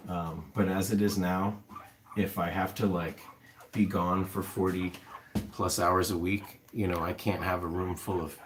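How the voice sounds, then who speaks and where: A man's voice: sits low, little pitch movement, measured pace. A man who runs an animal rescue, chatting casually with live viewers in a loose, rambling way, full of fillers. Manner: rambling, filler-heavy, answers chat comments. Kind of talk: casual live stream chat. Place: home room with pets. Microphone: camera on upside-down tripod.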